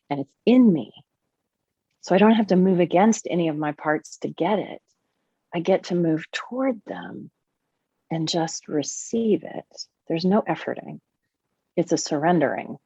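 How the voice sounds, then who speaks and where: An animated, expressive woman talks through her ideas as a podcast guest, her fairly low voice leaping up in pitch when she gets excited. The sound is dry and close, with a dull lo-fi quality. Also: breathy edge, no room sound. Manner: animated, warm and expressive, with big swings in pitch. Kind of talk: conversational podcast interview.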